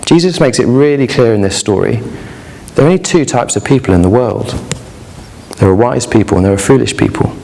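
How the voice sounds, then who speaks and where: A man's voice: medium pitch, a little fast, creaky, slight background noise. Storytelling young male preacher in a hall. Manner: lively storytelling, asks the audience questions. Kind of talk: sermon. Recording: echoey hall.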